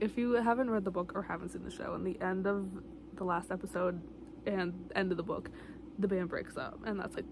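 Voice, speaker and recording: Against a noisy background, a young woman with a medium-pitched voice casually reviews a book and its TV adaptation for her vlog. She gushes and rambles, leaning heavily on filler words.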